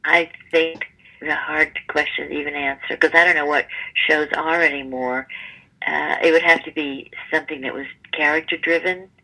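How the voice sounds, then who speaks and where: A woman in her seventies, a stage performer interviewed as a guest, telling stories in a lively conversational way and acting out the people in them. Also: deep voice, normal speed, low-quality recording. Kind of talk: conversational storytelling.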